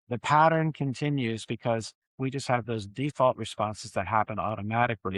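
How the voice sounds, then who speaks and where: A man, a communication scholar, explaining ideas in a measured, reflective way as a podcast guest. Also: mid-range voice, fairly bright tone, dry recording, poor audio. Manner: measured, explanatory, with frequent restarts.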